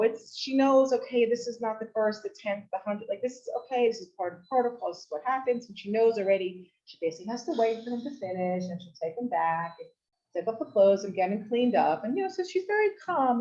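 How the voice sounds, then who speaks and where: With a voice on the high side, a woman teaching her weekly Torah class tells a lively story in a community center's women's study hall. She gets animated, shouting out quoted outbursts, and the live recording is dull and lo-fi.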